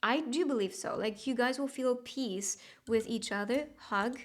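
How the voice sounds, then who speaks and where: A woman doing a casual tarot reading, talking gently and chattily, laughing often and dropping into soft whispered asides. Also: on the high side, a little slow. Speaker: tarot reader.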